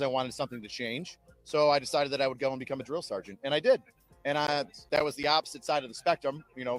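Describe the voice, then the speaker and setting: A man in his thirties, an army drill sergeant, telling lively stories in an interview with an upbeat recruiting pitch. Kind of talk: interview storytelling.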